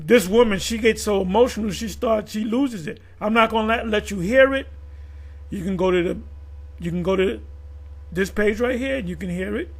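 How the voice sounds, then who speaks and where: A man with a high-set, gravelly and husky voice talks through a loose commentary monologue. He wanders, restarts sentences and leans on fillers as he goes. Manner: rambling, with frequent restarts and fillers. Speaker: video commentator.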